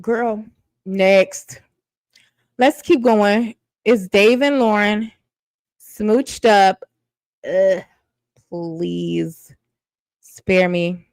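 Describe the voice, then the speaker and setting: A woman's voice: mid-range voice, drawn-out words, long pauses, a little mellow, no room sound, low-quality recording. A woman giving blunt, sassy commentary on a reality dating show, casual and mocking.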